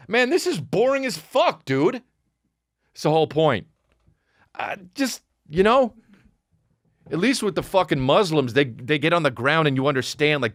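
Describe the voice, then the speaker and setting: A man hosting his podcast as a comedian, ranting in an animated, profane way with sudden high mocking outbursts. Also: no echo, clean studio sound. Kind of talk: comedic rant.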